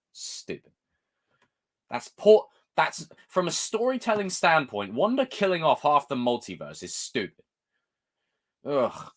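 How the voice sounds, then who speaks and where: A man's voice: mid-range voice, sing-song, a little slow, pauses often, bright, forceful tone. A man, hosting a live stream and ranting in a casual, exasperated way, swearing often.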